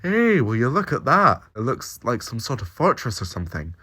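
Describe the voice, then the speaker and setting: A man voicing a young Scottish companion with a thick Scottish accent, wary and quickly annoyed, pitching his voice up and speaking louder than his narration. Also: wildly swooping pitch, breathy edge, exaggerated voice.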